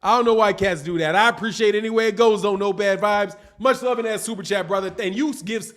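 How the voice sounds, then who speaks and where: Man, high voice, slangy boxing stream host, animated, laughs a lot. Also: fast, background noise. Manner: animated, slangy, laughs often, talks to viewers. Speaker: boxing channel host reading live chat. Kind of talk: casual live-stream chat.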